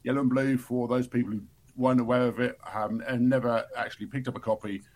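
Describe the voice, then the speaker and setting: A man's voice: medium pitch, level tone, quick pace, a little mellow. Joking male podcast host. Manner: joking, then formal show intro. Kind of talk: casual chat.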